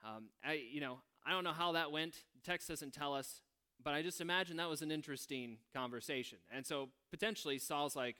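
A man leading a prayer and then teaching a Bible passage in a relaxed, conversational way, musing aloud with wry asides. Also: a little high, a little fast, clear, resonant tone.

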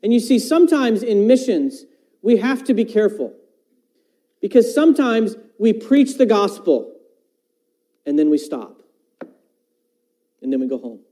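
High, bright-edged male preacher. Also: very animated, measured pace, pauses often, low-quality recording. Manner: quotes scripture, asks the listeners questions; talks about teaching his own children. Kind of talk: sermon.

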